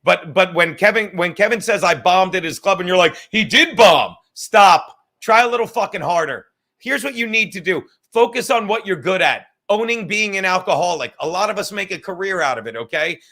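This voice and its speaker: This man's voice is high, animated, and a bit fast, with a sharp edge. Hosting a live stream, he rambles and rants profanely and sarcastically, reading chat messages aloud, calling chatters by name, and admitting he's drunk at the moment.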